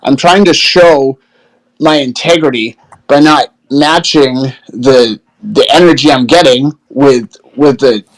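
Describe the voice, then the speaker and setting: A man who works as a social worker, answering criticism in a measured, defensive, halting way. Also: mid-range voice, rough recording. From Maine. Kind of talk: heated discussion.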